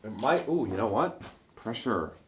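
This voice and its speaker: A man talking casually as he works on his home boiler, thinking aloud with fillers and throat clearing. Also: medium pitch, sing-song, moderate pace, fairly bright tone, a little hiss or hum. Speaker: DIY builder vlogging his project. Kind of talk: casual talk-through while working. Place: garage boiler room, indoors. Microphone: action camera.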